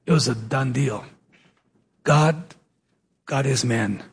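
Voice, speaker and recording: A man preaching a sermon, telling the story with dramatic pauses and acting out the dialogue in his own voice. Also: medium pitch, gravelly, husky.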